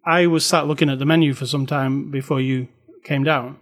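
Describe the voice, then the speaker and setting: A man's voice: medium pitch, fairly even intonation, fairly quick. A man casually chatting about a film he watched, opinionated and prone to restarting his sentences. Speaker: co-host discussing a film. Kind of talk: casual chat.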